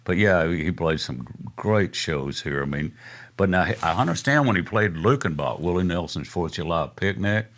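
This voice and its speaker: Deep-voiced older man, rambling stories. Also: expressive, normal speed, a bit bright. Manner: rambling, chuckling anecdotes with many fillers. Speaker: guest musician. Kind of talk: casual storytelling interview.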